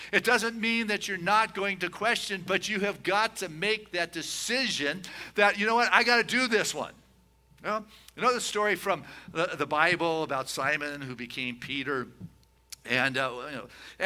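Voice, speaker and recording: Bright-voiced man preaching a chatty sermon. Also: on the high side. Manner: folksy storytelling with many "you know" asides; slows and rises on key points. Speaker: minister. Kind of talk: conversational sermon.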